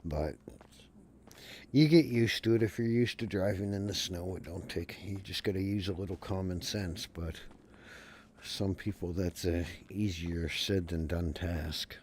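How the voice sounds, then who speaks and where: A man with a low, deep voice talks through a game stream in a loose, rambling way. He swears freely and slips into folksy rants, and a faint hiss of noise sits behind him. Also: measured pace, darkish tone. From Canada. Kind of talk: casual chat while gaming.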